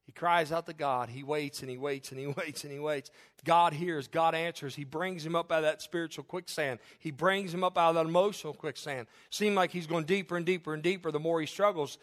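Preaching with fervor, a pastor with a fairly high male voice speaks a bit fast. He swings from gentle asides to loud, building proclamations, letting out an occasional chuckle.

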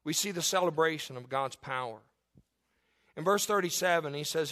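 High-voiced preacher swinging loud to soft. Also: male voice. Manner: dynamic preaching, swinging between loud emphatic peaks and soft hushed passages; reads scripture slowly and dramatically. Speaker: pastor. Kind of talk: sermon.

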